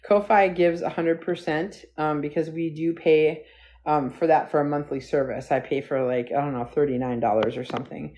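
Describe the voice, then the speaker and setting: A woman's voice: low-pitched, steady tone, moderate pace, warm tone. A woman hosting a casual live stream, rambling and chatty as she talks to viewers and her dog, recorded on a phone. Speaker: livestream host. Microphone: phone livestream.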